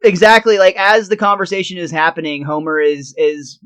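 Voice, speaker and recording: A man's voice: sits high, level tone, normal speed, fairly bright tone, clear, resonant tone. A man co-hosting a podcast, retelling a cartoon episode scene by scene in casual chat and laughing often. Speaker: podcast co-host.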